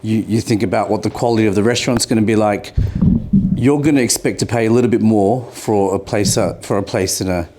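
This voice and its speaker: A man's voice: lowish voice, brisk, warm tone, slight background noise. A man with an Australian accent, a podcast guest talking casually and explaining his points with rhetorical questions. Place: podcast studio.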